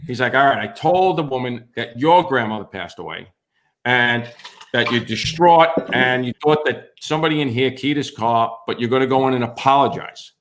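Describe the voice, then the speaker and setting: A man's voice: medium pitch, normal speed. A man, a firefighter on a podcast, telling a story in casual chat and acting out the voices of the people in it. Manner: animated, acts out other voices.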